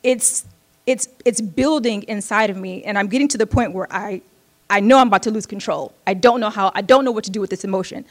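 A woman's voice: medium pitch, brisk. A woman from Oakland telling a personal story with a wry, candid manner, laughing at herself often. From Oakland, United States.

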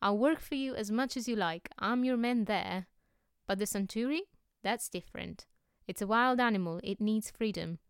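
A woman voicing a brash, earthy, free-spirited man, talking loudly and emphatically in a storybook reading. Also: mid-range voice, normal speed, clean tone, dry recording, clean studio sound, close to an everyday voice. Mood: insistent. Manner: loud, emphatic, forceful.

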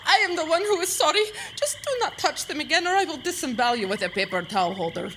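A woman's voice: high-pitched, expressive, fast, background noise. A woman playing a dramatic, mysterious woman with a violent past in a comedy sketch, talking in a formal, melodramatic way. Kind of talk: radio comedy sketch acting.

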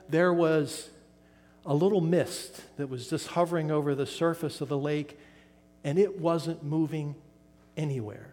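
An older man from western Pennsylvania preaching a sermon, pausing dramatically and letting key words trail off softly. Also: a little high, big-room sound. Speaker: pastor.

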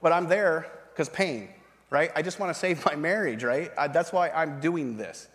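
A fairly high-voiced man tells his story as a sermon, animated and lively, acting out the voices of the people he met. His voice rings through a church auditorium with a long reverb tail. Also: moderate pace. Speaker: pastor. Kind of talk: sermon testimony. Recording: reverberant hall.

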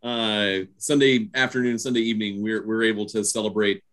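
A man's voice: fairly low pitch, flat delivery, brisk, a bit bright. Stammering, self-deprecating man. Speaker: podcast co-host. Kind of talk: casual sports chat.

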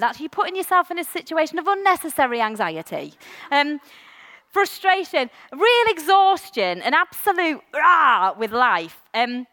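A woman's voice: sits high, big-room sound. A woman preaching a candid, personal sermon to her church, with frequent ums. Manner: candid, animated, warm-hearted with frequent ums. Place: church hall.

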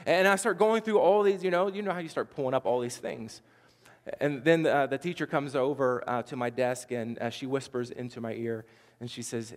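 A man preaching a sermon in an earnest way, often restarting and dropping to a hushed voice. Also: fairly high pitch, fairly quick, long reverb tail. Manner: earnest, with many restarts and sudden hushed drops. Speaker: pastor.

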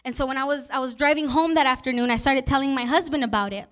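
Young woman pastor, high voice, heartfelt storytelling sermon. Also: quick pace, a bit bright. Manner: personal storytelling, emotional and earnest.

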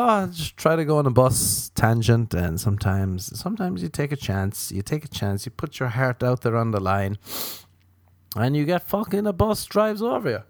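A man's voice: no room sound, clean studio sound. Profane, rambling man. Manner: profane, animated, jumps into sudden high mock voices. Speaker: podcast host. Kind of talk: rambling comedic monologue.

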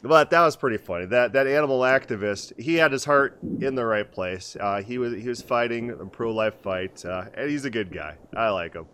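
A middle-aged man chatting on a casual podcast, winding through anecdotes with frequent restarts and false starts. His pitch sits in an ordinary middle range for a man. When he quotes people, he slips into their voices. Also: lively intonation, moderate pace, few pauses, a bit bright, a little hiss or hum. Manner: rambling storyteller with many restarts, acts out voices in quotes. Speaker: podcast co-host. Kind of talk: casual conversational podcast chat.

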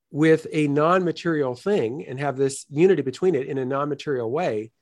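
A man with a somewhat high-pitched voice lays out a philosophical argument step by step in an interview. His delivery is earnest and animated, like a teacher who enjoys the material. He keeps pulling the listener along with a quick "right?". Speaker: guest philosopher. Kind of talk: explanatory interview talk.

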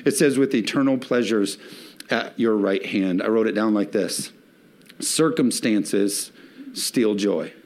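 Fairly low in pitch with a darkish tone, this pastor, a dad of young kids, preaches with swelling emphasis. He slows down to stress certain phrases.

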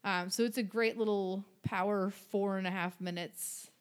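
A woman's voice: mid-range voice, fairly even intonation, moderate pace, smooth. A young adult woman co-hosting a casual chat, chatty and sarcastic. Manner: chatty and sarcastic, breaks into singing. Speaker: podcast co-host.

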